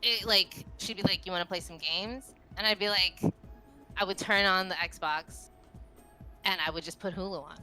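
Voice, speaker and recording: A woman in her thirties, a podcast guest telling stories in a rambling, animated way full of fillers. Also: medium pitch, normal speed, soft background music, low-quality recording. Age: 30s. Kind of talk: casual podcast chat.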